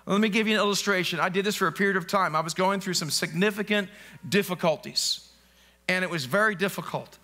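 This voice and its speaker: A man's voice: high voice, fast, pushed and bright. A male pastor preaching an emphatic sermon in a church, repeating phrases and slipping into spoken prayers. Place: church sanctuary.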